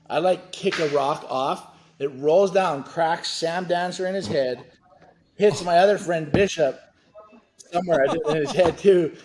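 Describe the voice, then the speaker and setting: A man who is a podcast guest, telling a story in an excitable way and acting out the dialogue. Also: on the high side. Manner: excitable, acts out dialogue in his stories. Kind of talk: animated storytelling.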